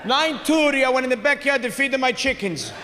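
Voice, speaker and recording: A stand-up comedian with a high, bright-edged voice works a big room, animated and loud on his punchlines. His voice rings with a long hall reverb, and crowd noise sits clearly behind him. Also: a little fast. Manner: animated, shouts punchlines, acts out family members. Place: large theater stage with audience.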